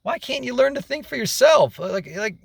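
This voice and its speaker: A man's voice: extremely high pitch, sing-song, moderate pace, vocal fry, husky, dry recording, studio quality. A young man ranting casually to camera as a vlogger, exasperated and rambling, repeating himself and swearing.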